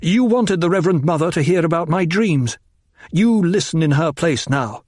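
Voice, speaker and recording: A man's voice: on the high side, animated, normal speed, darkish tone, no room sound, clean studio sound, pitched above the performer's own voice. A man reading the part of a gifted young nobleman, bitter and intense, his voice rising as he grows frantic.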